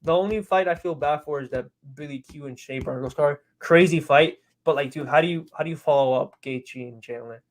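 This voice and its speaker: A man's voice: on the high side, a little fast, hardly any pauses. A man guesting on a sports podcast, chatting animatedly, laughing and repeating himself as he talks. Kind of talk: casual sports chat.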